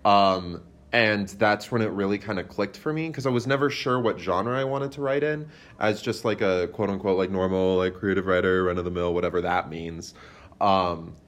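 A man's voice: low voice, moderate pace, fairly bright tone. A young adult man, a playwright guest on a podcast, talking casually and rambling with lots of "like" and "um". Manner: rambling, many fillers, lots of "like". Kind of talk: casual interview chat.

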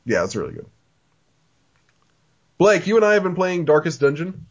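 Chatty man, higher voice, lo-fi audio. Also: very animated, normal speed. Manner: rambling, lots of "like" fillers, laughs often. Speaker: podcast host. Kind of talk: casual chat. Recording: dull lo-fi audio.

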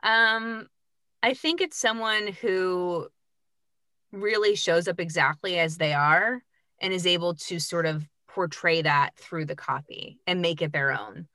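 Bubbly woman voiceover artist, bright voice. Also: on the low side, measured pace, dry recording. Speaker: podcast guest, voiceover artist. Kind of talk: casual chat.

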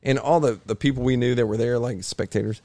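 A man telling a long story on a podcast in a casual, animated way, acting out other people's voices. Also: mid-range voice, fast. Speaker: podcast guest.

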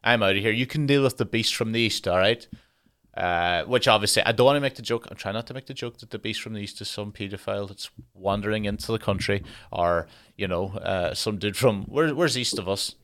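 A man's voice: fairly low pitch, fairly quick, a bit bright. A man, a stand-up comedian hosting his own podcast in a rambling, sweary, jokey solo monologue.

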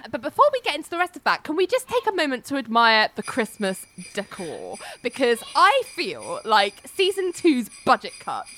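A woman's voice: fairly high pitch, wildly swooping pitch, normal speed, hardly any pauses, a bit bright, a little hiss or hum. A woman, casually retelling a TV episode as a podcast host, acting out the characters' lines with laughs. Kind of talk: casual chat.

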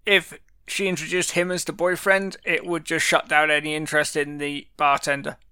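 A man co-hosting a podcast, chatting about a TV episode with wry, deadpan quips. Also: on the high side, normal speed, clean tone. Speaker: podcast co-host. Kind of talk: casual chat about a TV episode.

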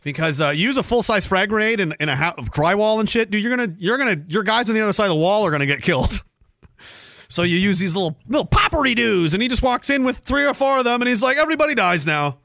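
A man hosting a podcast, delivering a sarcastic, profane rant with loud outbursts. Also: sits high, animated, fast talker, no echo, studio quality. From Canada. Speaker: podcast host. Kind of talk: angry ranting monologue.

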